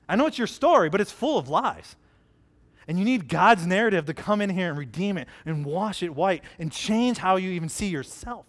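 A man in his thirties preaching a conversational sermon, earnest and direct, telling stories from his family life. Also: sits high.

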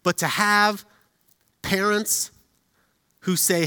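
A middle-aged man preaching a sermon as a pastor, telling stories with humor and animated delivery. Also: on the high side, unhurried, pauses often. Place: church auditorium. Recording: reverberant hall.

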